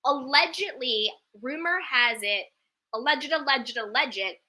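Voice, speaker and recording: A woman hosts a casual live stream from home, reading viewer comments and answering them with lively, emphatic repeats. Her voice sits high and sounds very bright and ringing. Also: measured pace. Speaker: host reading live chat. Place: indoors at home.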